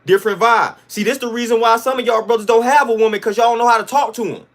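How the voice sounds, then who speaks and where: Guy ranting on his stream, high-ish voice, blunt, slangy, says it all twice. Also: fairly even intonation, fast talker, a bit bright. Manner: emphatic, repetitive, slangy, blunt. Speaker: livestream host. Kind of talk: livestream rant to chat.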